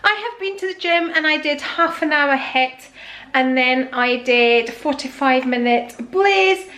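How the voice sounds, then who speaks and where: A woman's voice: high-pitched, expressive, unhurried, a bit bright, low-quality recording. A woman in casual vlog narration at home, chatting as she shows her purchases one by one. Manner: chatty, showing off purchases item by item. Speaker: vlogger.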